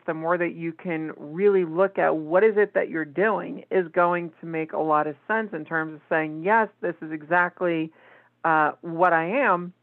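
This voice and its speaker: An interview host talking in a reflective, measured way with some fillers. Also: medium pitch, no room sound. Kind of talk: casual interview talk. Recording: tinny dry phone-like line.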